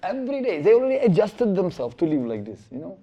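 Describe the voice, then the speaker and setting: A middle-aged man giving a spiritual lecture, telling stories in an animated way and acting out the quotes, on a dull lo-fi recording. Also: high voice, quick pace. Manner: animated storytelling with acted-out quotes. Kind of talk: sermon storytelling.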